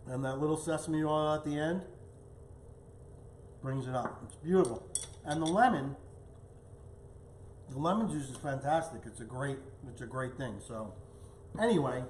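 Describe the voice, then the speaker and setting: A man's voice: medium pitch, darkish tone, roomy sound, slight background noise. A man hosting a casual cooking demonstration in his home kitchen, chatting as he plates and tastes the food. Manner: chatty, talks while tasting and plating. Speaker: cooking show host.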